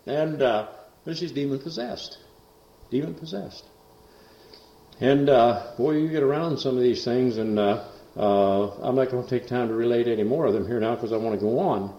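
A man's voice: mid-range voice, normal speed. Guy preaching, rambly storytelling with lots of uhs, roomy echo, kinda dull lo-fi tape. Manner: rambling, many fillers and asides. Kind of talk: folksy sermon storytelling.

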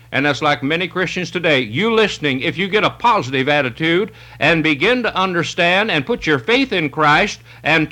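A male preacher gives a fervent sermon, reading verses aloud and speaking straight to his listeners. His voice is bright and piercing, sitting a little high. He stresses each point emphatically.

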